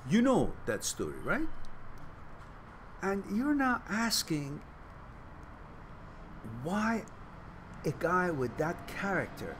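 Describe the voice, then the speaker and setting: A man hosting a Q&A advice talk, blunt, profane and animated. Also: high voice, takes it slowly, long pauses, a little hiss or hum. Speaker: host and author giving advice.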